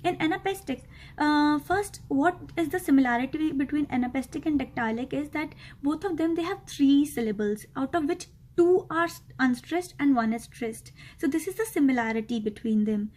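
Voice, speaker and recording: A woman's voice: high-pitched, expressive, moderate pace, darkish tone. A young woman teaching an exam-prep literature lesson, explaining step by step with many ums and uhs and checking in with "right?".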